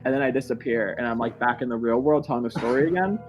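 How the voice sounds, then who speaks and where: A man's voice: mid-range voice, quick pace, faint music behind, low-quality recording. A man co-hosting a comedy podcast, telling an absurd story in a loose, rambling way with laughing asides. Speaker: podcast co-host.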